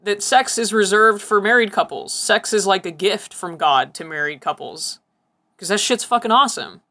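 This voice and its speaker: A woman's voice: medium pitch, moderate pace, sharp tone. A woman hosting a casual reaction commentary, swearing freely and breaking into incredulous giggles. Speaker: reaction video host.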